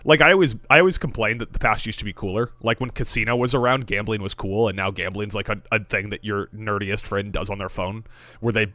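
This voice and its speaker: A man's voice: lowish voice, fairly quick, bright, forceful tone, dry recording. A man co-hosting a sports podcast in casual chat, wry and riffing, with casual swearing. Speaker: podcast co-host.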